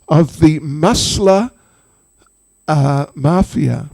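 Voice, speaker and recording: A man's voice: on the high side, slow, creaky, dark tone. A man, a spiritual teacher, telling a devotional story to an audience with humorous, chatty asides.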